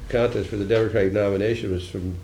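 Gravelly-voiced older man, dry wit. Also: fairly low pitch, steady tone, fast talker, mellow, roomy sound, slight background noise. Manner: dry, wry humor, musing and digressive. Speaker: senator answering audience questions. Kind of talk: political talk with audience Q&A.

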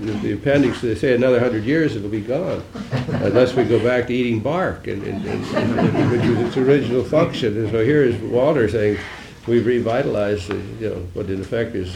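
A man's voice: mid-range voice, creaky, roomy sound, background noise. An older man, a senator, giving a musing political talk with dry, wry humor and taking audience questions.

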